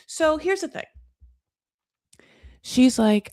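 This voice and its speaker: A woman's voice: on the high side, big pitch swings, measured pace, pauses often, darkish tone, dry recording, clean studio sound. A woman hosting a comedic reality TV recap, chatty and sarcastic, who calls the viewer honey and acts out quotes between laughs. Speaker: host.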